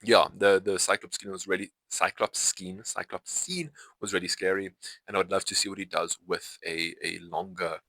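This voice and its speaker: A man's voice: deep voice, little pitch movement, moderate pace, bright, forceful tone, no room sound, rough recording. A young man vlogging a film review in casual, rambling talk, full of fillers and self-corrections. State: itchy eyes. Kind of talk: casual unscripted talk to camera.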